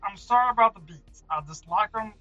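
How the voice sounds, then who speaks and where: A man voicing a friendly, goofy male forest creature who rambles and pleads in a high voice. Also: brisk, bright, forceful tone, no room sound, muffled recording, soft background music. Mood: pleading.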